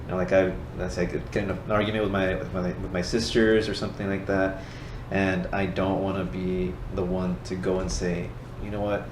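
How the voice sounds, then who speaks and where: A man's voice: low-pitched, flat delivery. A man talking earnestly about forgiveness in a casual Christian discussion, acting out little conversations as he tells stories. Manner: fast, earnest, storytelling with acted-out dialogue. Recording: echoey room with faint hiss.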